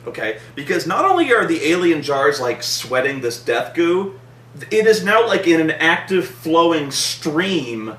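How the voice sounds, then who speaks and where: A man's voice: on the high side, sing-song, a little slow, fairly bright tone, roomy sound, far from the mic. A man in a casual comedic movie review, talking with lots of profanity and acting out scenes in mock voices.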